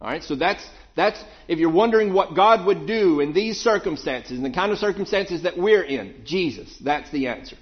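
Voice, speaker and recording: A man preaching a Bible sermon, asking questions and dropping low to answer them. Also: animated, normal speed, few pauses, highs cut off.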